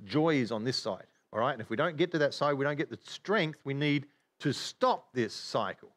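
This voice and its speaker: A man teaching from the Bible in casual chat, animated, with many restarts. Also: mid-range voice, normal speed. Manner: animated, acts out regretful inner voices, many restarts.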